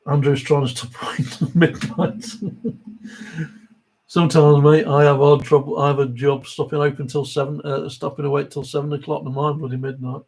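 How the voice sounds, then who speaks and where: Middle-aged bloke with an east midlands accent chatting on a live stream, reads out comments, calls everyone mate, laughs a lot. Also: male voice, on the high side, level tone, a little fast, a little mellow, husky. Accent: East Midlands English. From English Midlands. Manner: chatty and matey, chuckling, addresses viewers as mate. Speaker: host of a diecast model livestream. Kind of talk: live stream chat, reading viewer comments.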